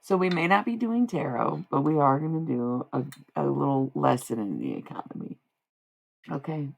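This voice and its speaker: A woman's voice: deep voice, big pitch swings, normal speed, vocal fry. An American woman in her thirties chatting casually and wryly with her live stream chat, rambling and swearing. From United States.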